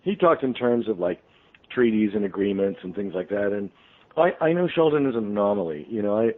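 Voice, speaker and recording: A man's voice: on the low side, lively intonation, brisk. A man, a radio show guest, telling a long story in a rambling way full of ums and restarts. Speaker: interview guest, author. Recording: tinny phone line.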